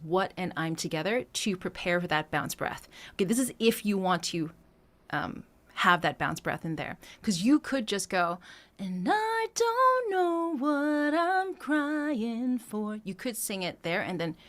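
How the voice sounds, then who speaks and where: A woman's voice: lowish voice, a bit bright. A woman vocal coach talking through a singing lesson, explaining phrasing step by step in a conversational way with some fillers. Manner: explains phrasing step by step, breaking into sung demonstrations; conversational with frequent fillers and restarts.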